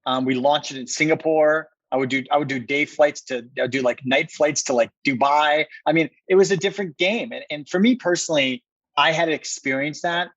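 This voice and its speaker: A man's voice: fairly high pitch, a little fast, fairly bright tone, no room sound, muffled recording. A man, a company co-founder, telling a personal story as a podcast guest, earnest and repeating words for emphasis.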